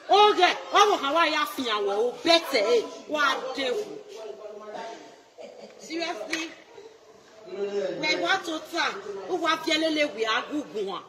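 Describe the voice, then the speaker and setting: A Nigerian woman in a loud, taunting social media rant, mocking and laughing between her jabs. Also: sits high.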